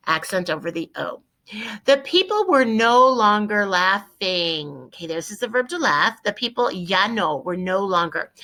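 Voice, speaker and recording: A woman's voice: medium pitch, pushed and bright, rough recording. A woman teaching a Spanish grammar lesson, explaining each step and repeating key points, sometimes spelling words out letter by letter.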